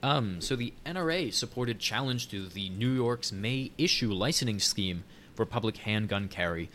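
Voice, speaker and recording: A man's voice: lowish voice, animated, moderate pace, a bit bright, a little hiss or hum. A man co-hosting a podcast, talking casually and reading an article aloud. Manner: conversational, reads articles aloud. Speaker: podcast co-host.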